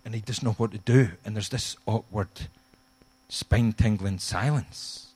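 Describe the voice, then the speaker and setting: A middle-aged man preaching a sermon, telling a humorous story with animated, acted-out quotes. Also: on the low side, unhurried, slightly rough. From Scotland. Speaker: guest pastor.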